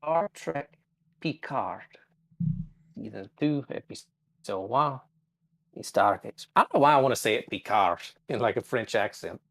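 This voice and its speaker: A man's voice: medium pitch, animated, normal speed, vocal fry. A middle-aged man co-hosting a casual live-stream chat, sarcastic and profane, with a mid-range voice. The sound is dry and close, with no room echo. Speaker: podcast co-host.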